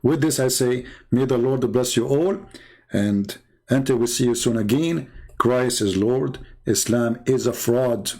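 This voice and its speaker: A man hosting a live debate channel, telling a mocking story in a sarcastic, jokey, animated way. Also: mid-range voice, unhurried.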